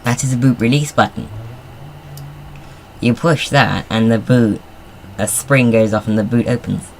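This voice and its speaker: A man's voice: mid-range voice, steady tone, a little slow, gravelly, a little hiss or hum. A man giving casual, rambling commentary while playing a car design game. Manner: rambling, chatty, self-deprecating asides. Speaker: gamer.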